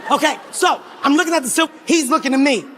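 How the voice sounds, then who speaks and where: Male comic in his forties, very high voice, loud animated storytelling on stage, faint hiss behind. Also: fast. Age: 40s. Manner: animated, profane, often shouting and laughing. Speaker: stand-up comedian. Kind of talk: stand-up storytelling. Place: live comedy stage before a crowd.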